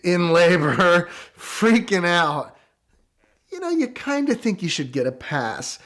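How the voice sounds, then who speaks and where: A middle-aged man telling a story in a casual, animated way, with quick excited bursts. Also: high-pitched. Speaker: guest storyteller.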